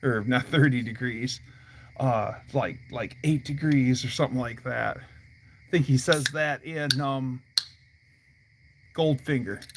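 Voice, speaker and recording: A man's voice: medium pitch, takes it slowly, long pauses, slight background noise. A man hosting a casual livestream from outdoors by his garage, telling rambling stories full of fillers. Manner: rambling storyteller, many fillers. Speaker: livestream host. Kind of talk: casual chat.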